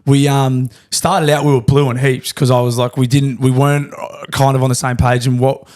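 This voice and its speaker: A man's voice: medium pitch, little pitch movement, moderate pace, darkish tone. A young adult man, telling stories in casual podcast chat, swearing and laughing a lot. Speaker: podcast co-host.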